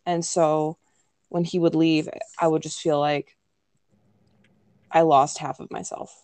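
A woman's voice: low voice, little pitch movement, takes it slowly, a little mellow, no room sound. A young woman casually telling a personal story in a chatty way, full of fillers, now and then acting out what people said. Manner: chatty, many "like" and "um" fillers, acts out quoted lines. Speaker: podcast co-host telling her birth story.

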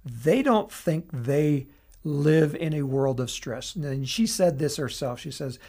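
Solo podcast host, mid-pitched, chatty and explanatory, often restarting sentences. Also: animated, slow pace, dark tone. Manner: explanatory, loose, with restarts and asides. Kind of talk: casual solo podcast analysis.

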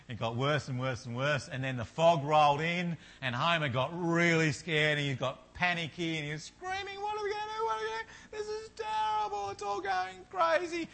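A man's voice: medium pitch, sharp tone. A man preaching a sermon in an earnest manner, building to fervent repetition.

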